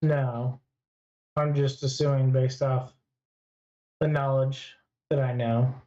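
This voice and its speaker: A man's voice: mid-range voice, little pitch movement, takes it slowly, mellow. A man co-hosting a casual chat, answering in brief, matter-of-fact, assertive replies. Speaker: podcast co-host. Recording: dull lo-fi sound.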